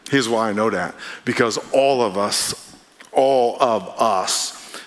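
A man preaches in a relaxed, conversational way, trading lines with his congregation and mixing jokes with earnest points. His voice sits at an everyday middle pitch. A long reverb from the church sanctuary trails behind every phrase. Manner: conversational, playful call-and-response with congregation. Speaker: pastor. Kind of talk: sermon.

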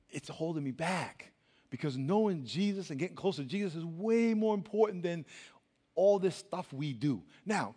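A young man preaching as a youth pastor, animated and colloquial, swinging between loud and hushed. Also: high voice. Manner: colloquial, says y'all. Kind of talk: sermon. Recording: long reverb of a large hall.

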